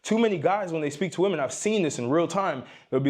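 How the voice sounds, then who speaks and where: A young man speaks a little fast in a voice on the high side, lecturing viewers about dating in a direct-to-camera monologue while facing the lens. A dating and self-improvement creator, he is emphatic, keeps repeating "you need to," and pushes his tone up and down to underline his points.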